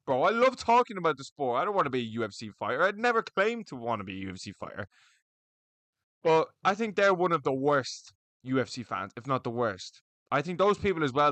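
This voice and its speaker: A man's voice: medium pitch, a bit bright, no echo. A young man, ranting bluntly and profanely as the host of an opinionated video about fans of a combat sport. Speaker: MMA commentary vlogger. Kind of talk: opinionated solo rant to camera.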